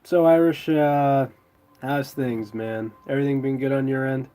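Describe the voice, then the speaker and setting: A man's voice: medium pitch, fairly even intonation, unhurried, mellow. A man with a stuffy nose from a cold, chatting in a laid-back way with viewers as host of his live stream. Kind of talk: casual live stream chat.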